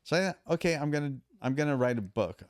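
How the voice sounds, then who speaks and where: A man's voice: on the high side, fast talker, dry recording, clean studio sound. A middle-aged man as a podcast guest, telling his story casually and acting out what others said. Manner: animated, acts out quotes of others.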